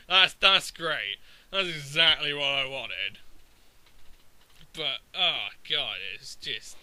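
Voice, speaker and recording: A man's voice: fairly high pitch, pushed and bright, clear, resonant tone, dry recording, poor audio. A young man giving a sweary, exasperated commentary over his own game recording. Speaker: gaming commentator.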